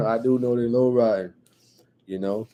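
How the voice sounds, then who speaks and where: A man from New Jersey with a New Jersey accent, hosting a casual live stream, reading viewer comments and chatting in a relaxed way with lots of repeated phrases. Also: medium pitch, unhurried. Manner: relaxed, repeats phrases, frequent "you know what I'm saying", chuckles often.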